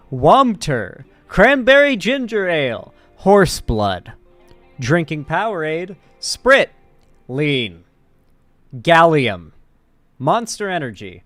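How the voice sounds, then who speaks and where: A man streaming casually, joking and reading his chat aloud in an animated way. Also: fairly high pitch, no echo. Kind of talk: casual live-stream commentary.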